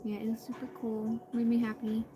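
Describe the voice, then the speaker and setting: A slightly high-voiced woman streams herself drawing, speaking fairly quickly in a completely flat delivery. The recording is rough and background music plays. Her casual chatter wanders, packed with fillers and restarts, with passing greetings to viewers.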